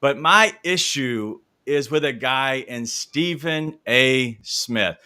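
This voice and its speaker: Man from memphis, sports show co-host, casual conversational, bright lively tone. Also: medium pitch, slow, clean tone. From Memphis, Tennessee. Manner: conversational, steering questions, aggrieved opinions.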